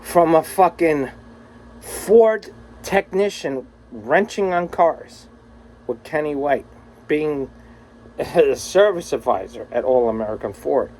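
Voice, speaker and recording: A man's voice: on the high side, animated, slow pace, darkish tone, slight background noise, rough recording. A man recording a casual, rambling video message to a friend, swearing freely and laughing often. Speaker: vlogger.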